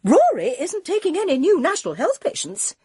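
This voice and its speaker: A woman's voice: very high voice, wildly swooping pitch, a little fast, warm tone, no room sound, clean studio sound, pitched above the performer's own voice, full character voice. A woman voicing an indignant, snippy middle-aged woman in an audiobook.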